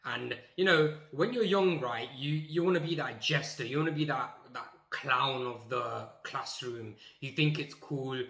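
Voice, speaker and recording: A young man telling a funny story from his school days, animated and emphatic, acting out the scenes. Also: medium pitch, unhurried, few pauses, reverberant. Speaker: YouTuber. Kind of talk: comic storytelling.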